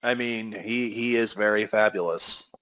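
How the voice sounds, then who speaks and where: A young man co-hosting a podcast in casual chat, relaxed and stammering a little at the start of his sentences. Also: lowish voice, measured pace, poor audio. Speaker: podcast co-host.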